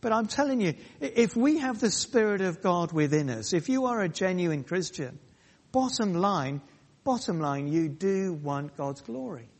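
Emphatic preacher in a reverberant hall. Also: male voice, high-pitched, big pitch swings, darkish tone. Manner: emphatic, repetitive, pausing phrases. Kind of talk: sermon.

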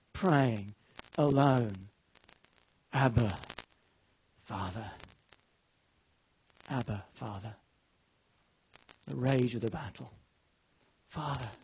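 A man preaching a sermon, rising to fervent pleas and dropping to hushed tones. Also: mid-range voice, highs cut off, a little hiss or hum. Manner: impassioned, rises to fervent pleas then drops to hushed tones.

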